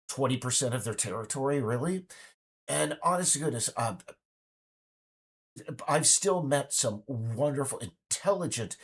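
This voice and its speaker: Husky man in his fifties, rambling. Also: medium pitch. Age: 50s. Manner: indignant, rambling, many restarts. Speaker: game developer vlogger. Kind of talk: casual rambling monologue.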